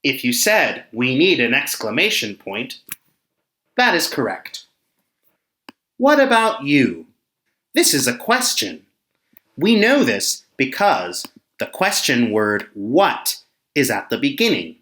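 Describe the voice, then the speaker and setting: An English teacher explaining punctuation slowly and clearly to learners, reading example sentences aloud with expression. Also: mid-range voice, big pitch swings, pushed and bright, reverberant. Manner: speaks slowly and pointedly, acting out example sentences. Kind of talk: slow, expressive classroom explanation.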